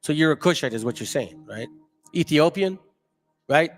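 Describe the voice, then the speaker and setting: A man's voice: on the high side, animated, moderate pace, faint music behind. A man hosting a livestream, arguing with and mocking viewers in the chat in a combative, confrontational way. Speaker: channel host. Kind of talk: livestream commentary reading chat.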